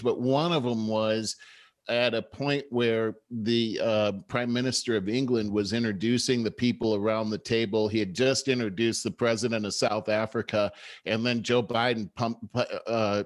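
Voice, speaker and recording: A man hosting a talk show, telling political stories in a measured, conversational way. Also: mid-range voice, dry recording. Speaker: show host. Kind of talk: casual political commentary.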